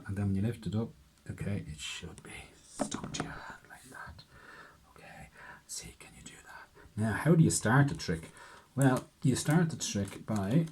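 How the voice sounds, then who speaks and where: A man's voice: medium pitch, darkish tone, slight background noise. A man, a preschool teacher, patiently explaining step by step how to do a card trick for young children. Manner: patient, step-by-step with frequent "okay?".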